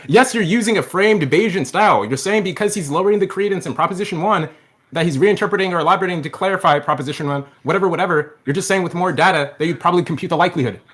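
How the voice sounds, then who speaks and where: A man's voice: high voice, quick pace, a bit bright. A man in a heated online debate, combative and mocking, often laughing between his points.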